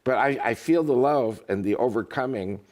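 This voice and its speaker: Speaking at a moderate pace in a medium-pitched voice, a male guest livens up a casual interview with jokes and anecdotes, delivered in an animated, humorous storytelling style.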